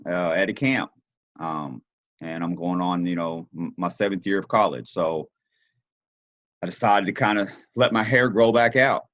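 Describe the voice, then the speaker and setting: A man's voice: low-pitched, dry recording, lo-fi sound. A man, a sports official, giving an informal presentation with a rambling style and many fillers. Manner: rambling, heavy use of fillers.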